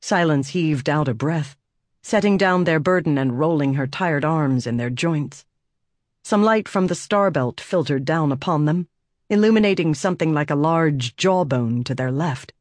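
A man narrating a fantasy audiobook in a steady, measured storytelling voice. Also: fairly high pitch, dry recording.

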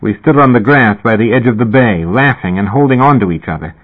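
A man reading a first-person novel aloud in a measured, dry storytelling manner. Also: mid-range voice. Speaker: audiobook reader. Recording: tinny phone-like audio.

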